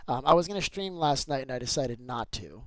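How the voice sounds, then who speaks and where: A talkative male streamer with an average-pitched voice, chatting casually while he plays. He keeps wandering off onto side topics and calling out to his viewers. The sound is dry and close, with no room echo. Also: lively intonation, brisk. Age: adult with kids. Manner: chatty, easily sidetracked, keeps greeting the chat. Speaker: Minecraft streamer. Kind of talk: casual livestream chat while gaming.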